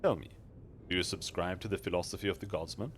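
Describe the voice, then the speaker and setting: A man's voice: deep voice, quick pace, a little hiss or hum, close to an everyday voice. A man voicing an aloof mystic woman in a fantasy game who can reshape souls, speaking in a grave, archaic, condescending way.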